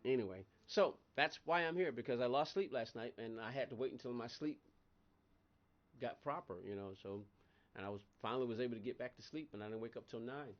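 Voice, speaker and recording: A man hosts a live game stream, chatting casually and wandering between stories with frequent laughter. His mid-range voice moves fairly quickly and jumps up when he gets excited, though the recording sounds muffled.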